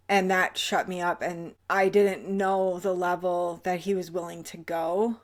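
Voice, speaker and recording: A woman hosting her own show and telling her personal story in a candid, slow, halting way that often drops quiet. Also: on the low side, flat delivery. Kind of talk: personal testimony.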